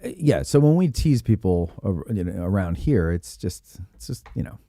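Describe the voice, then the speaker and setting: A man hosting a podcast conversation, relaxed and agreeable, often saying short affirmations while he asks questions. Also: deep voice, normal speed, dry recording, studio quality. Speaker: podcast host.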